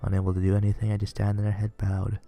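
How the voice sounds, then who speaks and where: Deep, gravelly man reading a visual novel. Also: monotone, quick pace, mellow, faint music behind. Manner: plain, earnest reading with small stumbles. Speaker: reader playing a visual novel.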